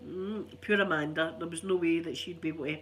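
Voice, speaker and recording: A woman's voice: deep voice, steady tone, fairly quick, slight background noise. An older Scottish woman chatting casually to viewers, rambling and laughing often, sounding stuffy and unwell. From Scotland. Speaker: ASMR channel host.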